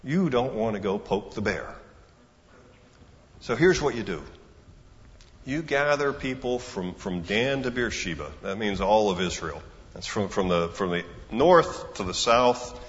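A man's voice: fairly low pitch, lively intonation, measured pace. A man preaching a sermon in a conversational, storytelling way, acting out the dialogue of the story. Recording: muffled reverberant hall recording.

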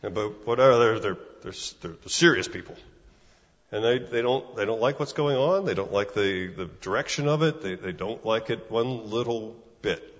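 A man's voice: lowish voice, lively intonation, normal speed, big-room sound, muffled recording. A man preaching a sermon in a conversational way, often repeating words and asking "right?". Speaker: pastor.

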